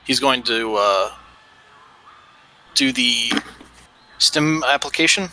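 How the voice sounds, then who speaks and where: Male player, very slow and very bright, halting table talk. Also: mid-range voice, rough recording. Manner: halting, stretched-out phrasing. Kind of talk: playing a tabletop game.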